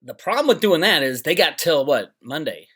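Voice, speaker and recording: Very animated and a bit bright, his fairly high, husky voice moves at a normal speed. He is a middle-aged channel host talking to camera from home in Northern California, rambling sarcastically and mocking people with put-on voices.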